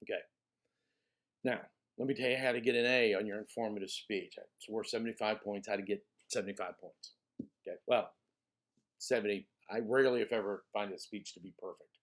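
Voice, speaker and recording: A man teaching a college speech course in a recorded lecture, explaining steps one by one, repeating himself and checking in with "okay?", slowing down to stress key phrases. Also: lowish voice, fairly even intonation.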